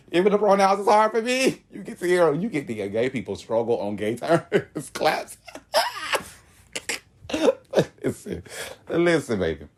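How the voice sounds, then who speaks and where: A young man from Florida telling a long story in casual chat, animated, laughing often, with sudden high-pitched outbursts and slang-heavy speech. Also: a little slow, pauses often, a little hiss or hum. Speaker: podcast guest telling a story.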